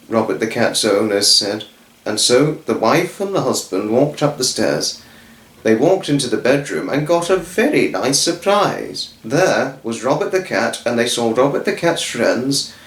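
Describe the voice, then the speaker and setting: A man's voice: mid-range voice, a bit bright. A man reading a children's story aloud, rambling and often correcting himself. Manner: rambling, with frequent self-corrections. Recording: roomy echo.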